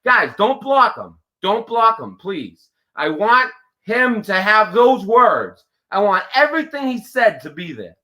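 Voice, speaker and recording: A man's voice: sits high, sing-song, unhurried, bright, forceful tone, low-quality recording. A male livestream host delivering an angry, profane, confrontational rant straight at a viewer.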